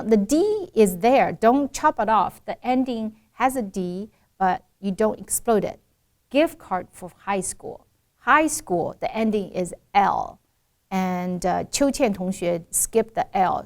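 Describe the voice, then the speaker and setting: A woman working as an accent coach, explaining and demonstrating English pronunciation slowly and carefully in a lesson chat. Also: medium pitch, darkish tone.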